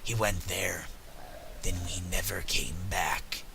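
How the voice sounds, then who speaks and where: A man voicing a gruff little male snow imp in a video game, with slangy, ungrammatical speech and a breathy, half-whispered delivery. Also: low voice, slow pace, background noise, voice pushed down, heavily acted. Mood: grumbling. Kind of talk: game dialogue read aloud in character.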